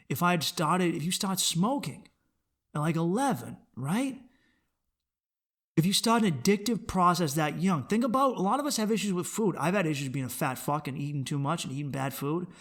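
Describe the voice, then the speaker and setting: A young adult man hosting a podcast, rambling and swearing freely as he rants, bursting into loud animated outbursts. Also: fairly high pitch. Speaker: podcast host. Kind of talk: casual solo podcast rant.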